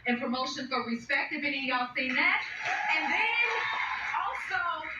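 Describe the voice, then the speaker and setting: Excitable woman host, high voice, echoey studio recording from a distance, some noise and dull sound. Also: moderate pace. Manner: excitable, laughing, exclaims often. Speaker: talk show host. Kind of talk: talk show interview. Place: TV studio with audience.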